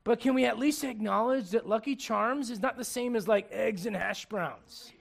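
High-voiced lively male preacher. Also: normal speed, vocal fry. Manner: animated, humorous, swings from soft asides to shouting. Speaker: pastor. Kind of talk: sermon. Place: church.

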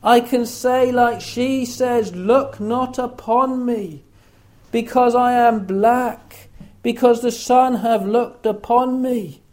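A man reading scripture aloud and preaching on it in a solemn, deliberate way, repeating words for emphasis. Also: very high-pitched, fairly even intonation, darkish tone. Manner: slow, solemn, repetitive emphasis.

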